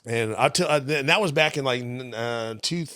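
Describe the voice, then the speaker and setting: A man's voice: medium pitch, moderate pace, a bit bright, dry recording. Frank middle-aged man in a dry booth. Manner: frank, profane, laid-back storyteller. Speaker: stand-up comedian, guest. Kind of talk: candid storytelling in casual interview.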